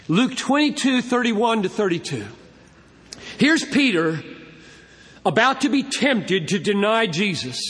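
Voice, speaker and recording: A man preaching a sermon with emphasis, slowing down to stress key words. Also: sits high, fairly bright tone. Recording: long hall reverb.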